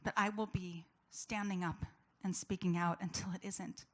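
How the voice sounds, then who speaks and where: A woman's voice: lowish voice, fairly even intonation, moderate pace. A woman giving an earnest, personal talk to a live audience, chatty and full of fillers. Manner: earnest, conversational, with many fillers. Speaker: public speaker.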